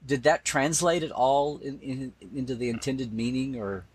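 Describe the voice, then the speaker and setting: A Star Trek expert being interviewed has a slightly rough mid-range voice, fairly even intonation, and a moderate pace. He chats casually and eagerly, frequently quoting beloved lines and starting sentences over.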